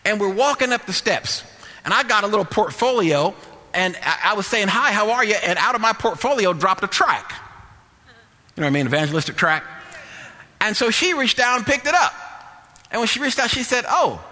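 Male preacher, fairly high and bright, storytelling sermon style in a reverberant church hall. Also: animated, normal speed, long pauses. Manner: storytelling, with quoted dialogue and repeated phrases.

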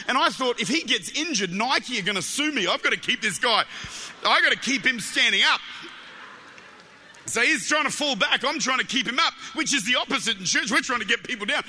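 Bright, high-voiced Australian preacher. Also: male voice, in a large hall. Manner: animated storytelling with jokes, stumbles and repeats words. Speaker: guest preacher. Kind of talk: Pentecostal sermon.

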